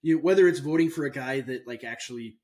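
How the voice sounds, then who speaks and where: A man speaks as a pastor and guest in a relaxed conversation. His delivery is halting, and he often trails off and restarts. His voice sits at an ordinary middle pitch. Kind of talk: casual conversation.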